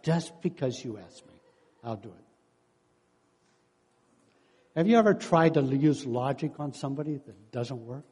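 A man's voice: medium pitch, animated, fairly quick, dark tone, slightly rough. Older man preaching in a reverberant hall. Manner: storytelling, acts out quotes, chuckles often. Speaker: preacher and counselor. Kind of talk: sermon.

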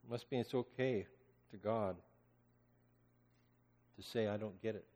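A man preaching a sermon as pastor, swinging between loud impassioned cries and hushed, almost whispered lines. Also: on the low side, unhurried. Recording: long hall reverb.

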